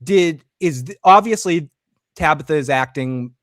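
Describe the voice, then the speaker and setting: Recapping scenes on a casual show, the podcast host animatedly voices the characters' lines as he goes. His voice runs on the high side and his pace is a little slow. It's clean studio sound without any room sound.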